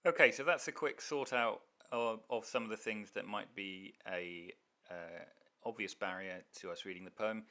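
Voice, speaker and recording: A man's voice: fairly low pitch, sharp tone. A man giving a university poetry lecture, talking conversationally and explaining step by step, with frequent ums and uhs. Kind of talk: recorded lecture.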